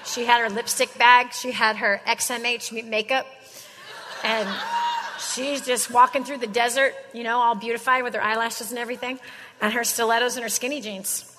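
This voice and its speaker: Woman speaker, higher voice, slangy casual sermon, long hall echo. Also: steady tone, normal speed, fairly bright tone, a little hiss or hum. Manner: slangy, chatty storytelling. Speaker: Christian speaker.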